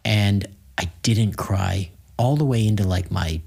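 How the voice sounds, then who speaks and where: Low-voiced middle-aged male podcast host. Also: a little slow, creaky, darkish tone, slightly rough. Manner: candid storyteller, self-deprecating jokes. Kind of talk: conversational interview.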